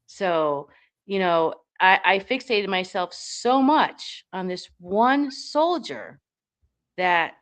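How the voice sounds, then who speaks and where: A woman's voice: medium pitch, slow, clean tone. A woman who is a paranormal investigator, talking bluntly in a casual chat, swearing and restarting her sentences.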